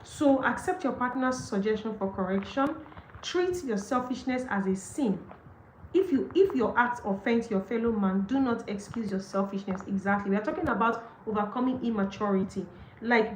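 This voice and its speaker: A woman's voice: fairly high pitch, echoey room, a little hiss or hum, low-quality recording. A young adult woman with a Nigerian accent, hosting a book session and commenting emphatically on what she reads, often laughing and acting out quoted excuses. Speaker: book discussion host. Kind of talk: live session reading and commenting on a marriage book.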